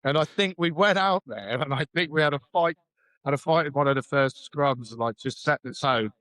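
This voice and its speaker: A man's voice: on the high side, brisk, fairly bright tone, no echo, low-quality recording. A middle-aged man, a former rugby player, telling candid stories with plenty of swearing, acting out what others said. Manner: candid, swears freely, acts out quotes. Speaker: podcast guest, former rugby hooker. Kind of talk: casual storytelling.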